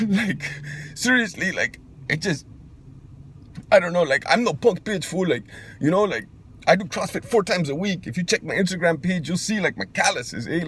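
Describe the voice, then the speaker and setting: A man's voice: sits high, fairly bright tone, husky, full character voice. A man playing a macho young street guy who gets defensive, talking in a slangy drawl and calling everyone fool. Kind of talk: comedy sketch monologue.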